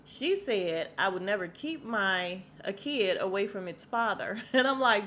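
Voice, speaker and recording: A woman's voice: medium pitch, measured pace, hardly any pauses. Chatty woman podcaster dishing celebrity gossip. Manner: chatty, animated, laughs often, addresses listeners as y'all. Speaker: podcast host. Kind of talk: casual celebrity gossip rant.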